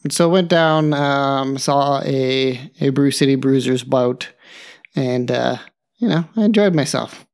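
Chatty podcast co-host, mid pitch, dry teasing, lots of ums and you knows. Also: unhurried, darkish tone. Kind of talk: casual chat.

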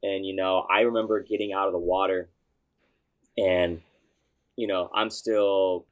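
A young man, a youth pastor, telling a story in a casual interview, animated and excitable, with bursts of shouting. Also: low-pitched, unhurried.

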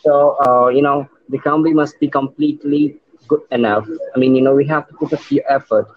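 A man in a casual online voice chat, talking haltingly with many fillers. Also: mid-range voice, fairly even intonation, phone-quality sound, slight background noise.

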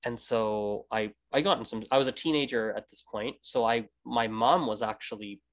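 Speaking at a normal speed in a mid-range voice, a Canadian man hosts a relaxed podcast interview. His delivery wanders with many restarts, and he performs the greetings he quotes.

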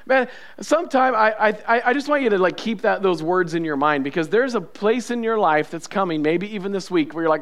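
A man's voice: sits high, animated, a little fast, a bit bright. A male pastor preaching a sermon, emphatic and repetitive, asking the congregation questions.

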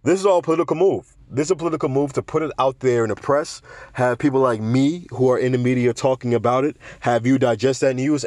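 A man hosting a casual commentary show, talking in an animated, digressive way with wry asides. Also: mid-range voice, fast, dry recording. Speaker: podcast host.

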